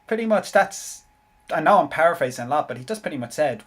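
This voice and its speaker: A man's voice: mid-range voice, animated, quick pace. A man chatting casually on a podcast, hesitant and earnest, often restarting and repeating words. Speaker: podcast co-host. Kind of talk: casual chat.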